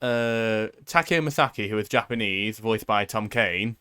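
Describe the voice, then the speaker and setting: A man's voice: on the low side, unhurried, bright, forceful tone, clean tone. A man hosting a podcast in casual chat, rambling with lots of fillers and restarts. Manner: rambling, filler-heavy, with many likes and restarts. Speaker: podcast host.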